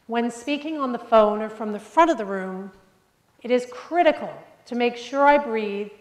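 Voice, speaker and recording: A woman's voice: a little high, moderate pace. Upbeat woman coaching breathing drills. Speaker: voice and speaking coach. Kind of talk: instructional video lesson.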